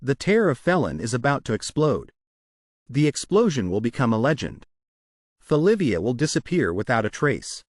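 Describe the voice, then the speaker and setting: A defiant dark sorcerer who threatens to haunt a city, read out by a man narrating a comic recap. The delivery is steady and matter-of-fact, with a lively rise and fall and a dry, close sound. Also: medium pitch, normal speed, dry recording, lightly acted. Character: menacing male dark mage, defiant.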